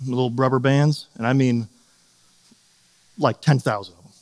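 A man's voice: mid-range voice, steady tone, normal speed, in a large hall. A middle-aged man preaching a sermon in a casual, conversational way, often checking in with "right?" and acting out little scenes. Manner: conversational, asks "right?" often, acts out quotes. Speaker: pastor.

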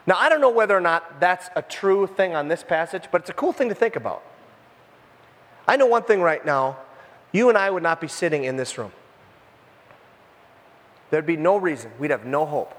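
A man preaching a sermon in a conversational, animated way, full of jokey asides. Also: fairly high pitch, moderate pace, long pauses, in a large hall. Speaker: pastor. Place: church room with a congregation.

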